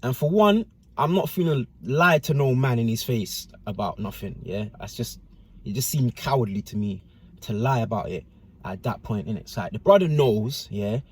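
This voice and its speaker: Guy telling a story, lively up and down voice, kinda husky, lots of slang. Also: medium pitch, normal speed. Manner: slangy, animated, frequent tag questions. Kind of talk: casual personal anecdote.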